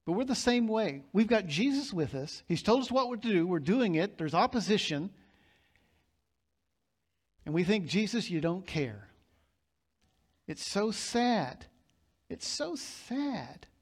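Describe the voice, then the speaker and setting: A male pastor preaching a sermon, emphatic and storytelling, building his points to loud peaks. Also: high voice, lively intonation, a little slow.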